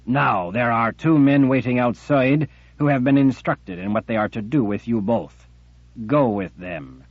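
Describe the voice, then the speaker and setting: A man voicing a menacing, gloating male emperor who speaks slowly and mockingly. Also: mid-range voice, no echo, narrow, tinny audio. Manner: slow, mocking and threatening.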